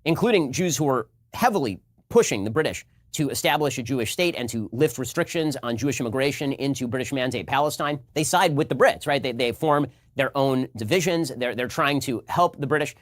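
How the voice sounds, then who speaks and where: Male pundit, clipped commentary, fast and assertive, mid-pitched voice. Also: animated, dry recording. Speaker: political commentator. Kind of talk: lecture-style political commentary.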